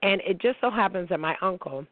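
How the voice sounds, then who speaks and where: A woman's voice: on the low side, lively intonation, a little fast, no echo. A woman hosting a personal talk show, telling her story in a candid, profane monologue full of fillers. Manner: frank and profane, many fillers. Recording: tinny phone-like sound, dry.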